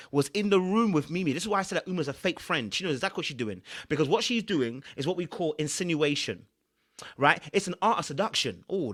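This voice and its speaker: A man's voice: high-pitched, fairly bright tone. A man, a relationship coach giving emphatic, preachy reaction commentary.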